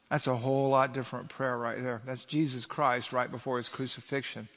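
A man's voice: medium pitch, level tone, fairly quick, hardly any pauses, a bit bright. Emphatic preacher man in a reverberant hall. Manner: emphatic, asks the audience rhetorical questions. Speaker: pastor. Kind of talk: sermon.

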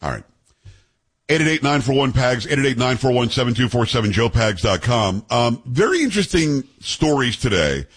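A middle-aged man hosts a talk radio show with a husky, slightly breathy voice at an ordinary pitch. He rambles casually and cracks jokes into a close studio microphone. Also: big pitch swings, moderate pace. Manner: chatty, joking, self-promoting. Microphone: studio broadcast mic.

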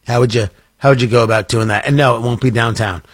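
Husky-voiced radio host man. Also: medium pitch, steady tone, fast, dry recording, studio quality. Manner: rambling, self-interrupting, jokey. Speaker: radio talk show host. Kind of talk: casual on-air chat and promo. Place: radio studio. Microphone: studio microphone.

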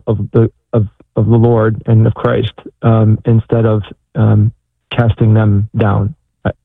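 A man's voice: fairly low pitch, gravelly, no echo. Male caller on a tinny phone line. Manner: halting, hesitant phrasing.

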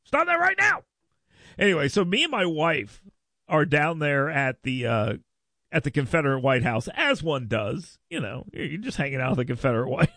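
A man's voice: on the high side, gravelly, sharp tone, dry recording, clean studio sound. A man hosting a talk radio show, telling a rambling story full of mocking voices. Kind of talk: casual radio chat.

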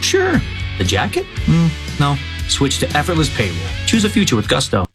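A man's voice: on the high side, huge pitch swings, normal speed. An actor playing a laid-back, teasing double of a man in a radio ad. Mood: smug. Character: smug cooler double of a man in leather. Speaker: ad character. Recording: radio ad with loud guitar music.

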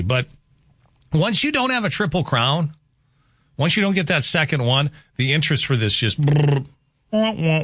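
A man's voice: mid-range voice, a bit bright, dry recording, clean studio sound. Chatty, rambling male radio host. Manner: rambling, chatty, with frequent restarts and asides. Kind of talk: casual morning radio chat. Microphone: studio microphone.

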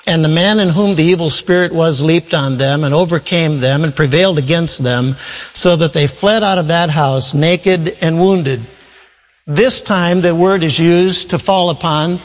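A man pastor preaching a sermon, reading scripture and explaining it in an animated way. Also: a little high, moderate pace, in a large hall, poor audio.

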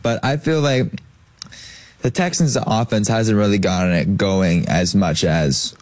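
A man's voice: fairly low pitch, a little slow, darkish tone, dry recording. A man giving his sports picks in a hesitant, rambling way. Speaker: panelist. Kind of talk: casual sports talk.

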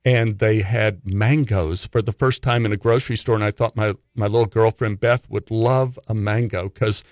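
A man's voice: fairly low pitch, moderate pace, few pauses, no echo, studio quality. A man, an actor, telling a comic anecdote and acting out the people in it. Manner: animated storyteller who acts out the people in his tale. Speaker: actor telling stories as a guest.

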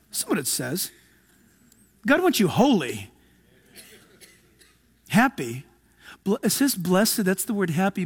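High-voiced man preaching with sweeping swings. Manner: preachy, swings from loud to hushed, acts out quotes. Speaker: pastor. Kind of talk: sermon.

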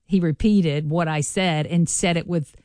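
A woman from rural Alabama with a strong Southern twang, co-hosting a radio show in an expressive, easy-laughing way. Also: sits low, measured pace, no room sound, studio quality. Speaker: radio co-host. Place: radio studio.

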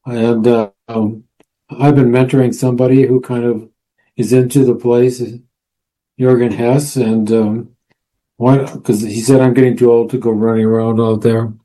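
A man's voice: medium pitch, little pitch movement, moderate pace, mellow. A man, a guest researcher and author, telling a long story in a casual interview, with many fillers and restarts.

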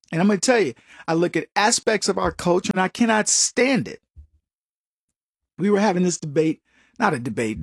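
An emphatic man from the United States holds forth in a combative monologue. His voice sits high and jumps around a lot, with a slightly husky edge. The sound is dry and close. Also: dry recording. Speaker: commentator. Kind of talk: opinionated monologue.

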